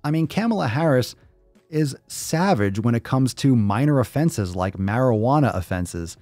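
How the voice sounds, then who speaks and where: Male host, casual profane commentary, emphatic repeats; dark warm tone, dry close recording. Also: mid-range voice, lively intonation, moderate pace, no echo, soft background music. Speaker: podcast host.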